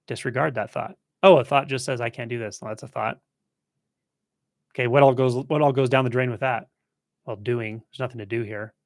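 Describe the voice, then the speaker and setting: A man teaching in a relaxed, conversational way, thinking aloud as he answers a viewer's question on a live stream. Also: mid-range voice, no room sound, studio quality. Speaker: spiritual teacher hosting a live Q&A. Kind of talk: casual spoken teaching.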